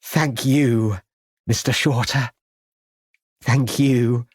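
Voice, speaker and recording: A man's voice: medium pitch, fairly even intonation, drawn-out words, slightly rough, dry recording, studio quality. A man voicing a frantic young woman who pleads and cries out in despair. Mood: relieved. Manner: anguished, pleading.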